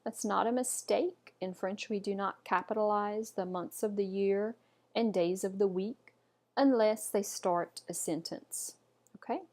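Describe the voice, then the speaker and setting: Speaking at a measured pace with a medium-pitched, darkish voice, a woman runs a slow, patient online pronunciation lesson. She repeats every word carefully as a model and keeps encouraging the learner.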